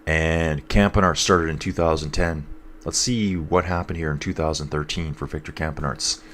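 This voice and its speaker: Low-voiced stuffed-up man chatting through a race. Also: steady tone, normal speed, fairly bright tone, slight background noise. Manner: chatty, reads out viewer comments. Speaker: live race commentator. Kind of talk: casual live-stream commentary with chat.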